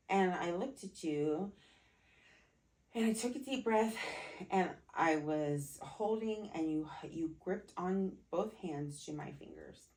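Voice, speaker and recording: A middle-aged woman, a mother, telling a family story in a casual Q&A chat, animated. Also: low voice, recorded from a distance, poor audio. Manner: animated storytelling, turns tearful. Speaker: mother, co-host.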